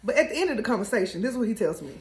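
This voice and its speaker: Animated woman telling a story. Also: mid-range voice, racing, echoey room. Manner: animated, laughing, acts out quotes. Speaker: co-host telling their couple story. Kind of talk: casual storytelling.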